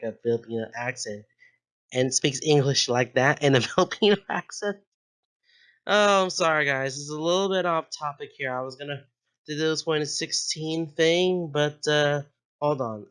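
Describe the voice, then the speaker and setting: A man's voice: a little high, a bit bright. A young man hosting his own channel, chatting casually, giggling often and drifting into tangents. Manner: giggly, goes off on tangents, corrects himself. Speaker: channel host. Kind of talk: casual rambling commentary.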